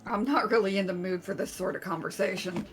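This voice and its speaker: A woman reading the lines of a tired young woman writer in a video game, weary and flat. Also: mid-range voice, a little fast, faint music behind, natural voice.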